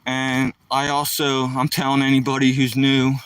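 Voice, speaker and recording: A man's voice: mid-range voice, monotone, moderate pace, a bit bright, clear, resonant tone, dry recording. Hyper east coast streamer guy rambling outside, voice kinda far from the mic. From East Coast of the United States. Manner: hyper, talkative, jokey. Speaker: live streamer. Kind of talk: casual live-stream chat. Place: outdoors, walking around.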